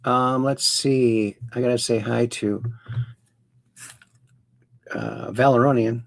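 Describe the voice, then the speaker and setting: A man's voice: medium pitch, fairly even intonation, slow, creaky, dry recording. A man hosting a casual livestream, rambling playfully, greeting chat viewers by name and making puns. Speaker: livestream host.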